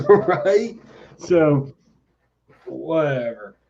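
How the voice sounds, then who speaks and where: A man's voice: a little high, animated, drawn-out words, vocal fry, a little mellow, lo-fi sound. A man hosting a comic book podcast, chatting casually with sarcastic asides and frequent laughter. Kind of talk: casual comic review chat.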